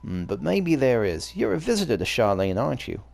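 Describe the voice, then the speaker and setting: A man's voice: mid-range voice, big pitch swings, fairly quick, vocal fry, a little mellow. A man reading aloud the lines of a friendly male cafe owner in a game, in a loose put-on accent.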